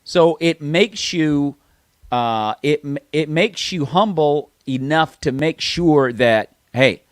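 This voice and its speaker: A man's voice: fairly high pitch, slow, dry recording, clean studio sound. A man hosting an interview, asking questions in an easygoing way and giving short replies. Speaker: host. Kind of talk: casual interview.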